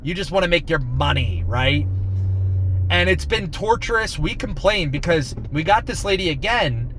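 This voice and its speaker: A man's voice: on the high side, expressive, moderate pace, fairly bright tone, a little hiss or hum. A man vlogging from inside a car, talking in a blunt, rambling, exasperated way. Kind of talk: casual monologue.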